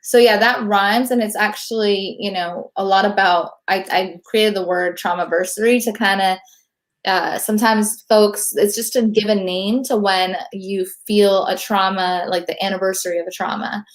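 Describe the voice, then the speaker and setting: A woman's voice: mid-range voice, steady tone, moderate pace. A woman poet and professor chatting casually as a guest in an interview, using slang and lots of fillers.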